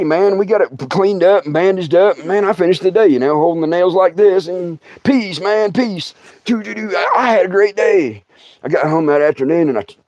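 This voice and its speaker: A middle-aged man, a comedian and podcast host, telling a funny story to his audience on a livestream. He is animated and laughs through his own story. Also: on the high side, dry recording, lo-fi sound. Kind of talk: comic storytelling.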